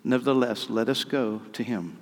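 A man's voice: mid-range voice, normal speed. A man preaching a sermon, reading scripture dramatically and then explaining it. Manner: dramatic reading, rising to loud cries on key lines. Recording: long hall reverb.

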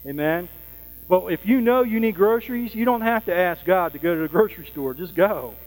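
A man preaching a sermon in a conversational way, often pausing to ask "Amen?". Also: high voice, lively intonation, in a large hall, low-quality recording. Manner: conversational, frequent fillers and "Amen?" checks.

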